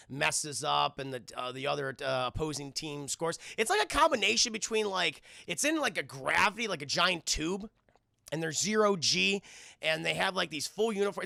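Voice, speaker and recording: A man's voice: on the high side, vocal fry, pushed and bright, no room sound, studio quality. A man casually recapping a cartoon episode for his live stream chat, rambling and swearing often. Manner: profane, rambling, addresses chat constantly.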